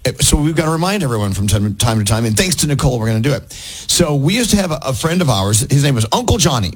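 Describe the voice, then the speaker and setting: Husky-voiced radio co-host, chatty. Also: male voice, mid-range voice, very animated, quick pace, low-quality recording. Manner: chatty and storytelling, with frequent restarts. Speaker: radio morning show co-host. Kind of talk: casual on-air banter with a caller.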